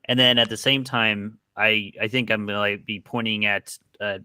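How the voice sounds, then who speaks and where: A man playing a tabletop role-playing game, describing his character's actions with some halting. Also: lowish voice, steady tone, bright, forceful tone, clear, resonant tone, no echo. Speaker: player. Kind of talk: casual tabletop game play.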